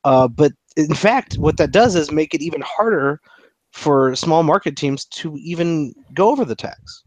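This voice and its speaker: A man's voice: a little high, animated, normal speed, no echo. A man co-hosting a casual sports chat, opinionated and playfully indignant. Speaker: podcast co-host.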